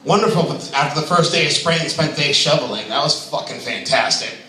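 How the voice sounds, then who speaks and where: A brash male stand-up comic with a bright, high voice that swoops up and down as he jokes, chuckling at his own lines. He is picked up from far off in a very echoey club room. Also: animated, a little fast, a little hiss or hum. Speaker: stand-up comedian. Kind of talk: open mic stand-up. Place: comedy club stage.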